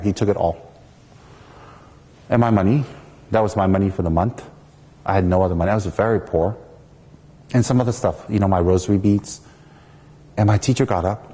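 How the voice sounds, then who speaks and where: A man from the United States, a Buddhist teacher, giving a dharma talk through a lively personal story in which he acts out the people in it. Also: fairly low pitch, in a large hall.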